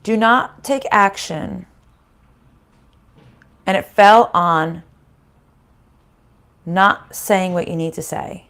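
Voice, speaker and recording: A woman's voice: mid-range voice, extremely slow, pauses often, fairly bright tone, clear, resonant tone. A woman giving a casual spiritual card reading to her viewers, chatty and reassuring, often checking in with "right?" and "okay?".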